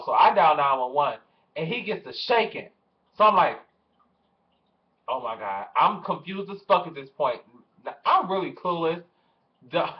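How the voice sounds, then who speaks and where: Young male vlogger, animated storyteller, slightly high voice, dull lo-fi webcam sound. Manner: animated, swearing, acts out quoted voices. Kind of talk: casual storytelling to camera.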